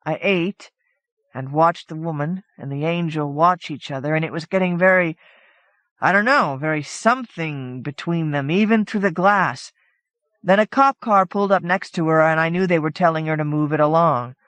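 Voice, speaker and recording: A woman's voice: low voice, moderate pace, fairly bright tone, no room sound. A woman reading a short story aloud in a casual, conversational first-person telling. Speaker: audiobook narrator. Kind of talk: scripted narration of a short story.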